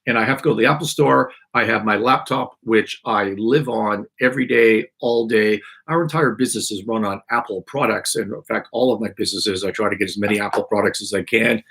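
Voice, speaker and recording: A man's voice: on the low side, a little fast, vocal fry, hardly any pauses, fairly bright tone, slightly rough. A man hosting a live stream, telling a complaint story in an exasperated, rambling way while his throat keeps catching. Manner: exasperated, rambling ranting with restarts. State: irritated throat, clearing it often. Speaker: podcast host.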